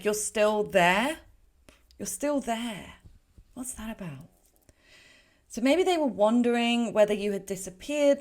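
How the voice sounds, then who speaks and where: A woman reads tarot cards for her viewers in a relaxed, rambling way. She fills her talk with fillers, breaks off mid-thought and corrects herself as she goes. Her voice sits at an ordinary middle pitch. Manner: chatty, rambling, with frequent fillers and self-corrections. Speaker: tarot reader. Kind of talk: casual pick-a-card tarot reading.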